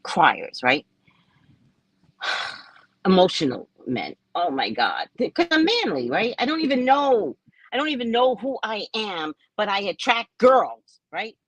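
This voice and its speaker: A woman's voice: on the low side, a bit bright, husky, dry recording, low-quality recording. A woman hosting a live stream, telling a personal story in a casual, blunt and profane way, laughing often. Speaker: psychic reader and live-stream host.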